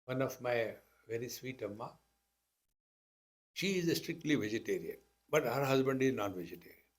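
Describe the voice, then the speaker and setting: A man's voice: mid-range voice, lively intonation, moderate pace. Indian man telling stories in a spiritual talk. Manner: storytelling, acting out dialogue, wry humor. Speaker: spiritual teacher. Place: talk to a live audience.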